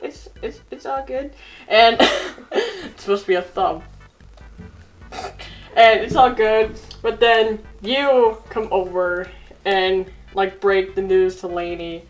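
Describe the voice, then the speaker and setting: A woman's voice: mid-range voice, slow, faint music behind, poor audio. A woman casually telling a story while drawing, giggling and teasing her friend. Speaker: co-host telling a drawn story.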